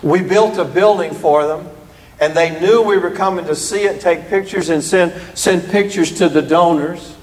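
Male preacher, high voice, animated sermon delivery, echoey hall with long reverb. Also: normal speed. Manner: animated, rising to emphatic peaks on scripture.

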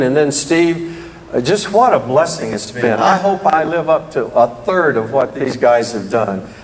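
A man's voice: a little high, expressive, measured pace, in a large hall, poor audio. An older man from the American South with a Southern drawl, giving a guest preacher's rambling, folksy opening remarks in a church. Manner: rambling, folksy, self-deprecating. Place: church hall.

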